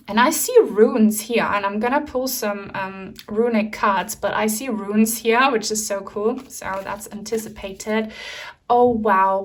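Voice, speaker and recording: A young woman from Germany giving an enthusiastic, chatty tarot card reading to her viewers. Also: medium pitch. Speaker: tarot reader.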